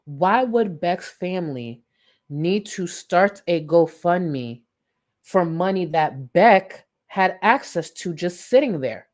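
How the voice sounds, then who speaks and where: A woman hosting a live-stream commentary, incredulous and animated, thanking viewers for donations between points. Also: fairly low pitch, takes it slowly. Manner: animated, incredulous, thanks chat donors warmly. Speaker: commentary YouTuber.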